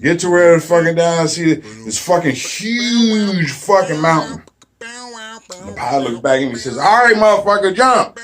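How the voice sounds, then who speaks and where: A man rambles through a comic story, swearing in almost every line and tossing in fillers as he goes. His voice sits a little high for a man. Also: big pitch swings, a little slow. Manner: rambling, heavy swearing, frequent "you know what I mean". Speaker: comedic storyteller. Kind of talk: profane comedic storytelling.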